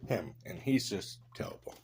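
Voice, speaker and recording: A man's voice: moderate pace, slight background noise. A man in a casual vlog, rambling through blunt opinions with loose asides. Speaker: vlogger.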